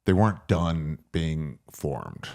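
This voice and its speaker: Male comedian guest, low voice, casual and jokey storytelling. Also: big pitch swings, takes it slowly, creaky, darkish tone. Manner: loose, jokey, acts out quotes.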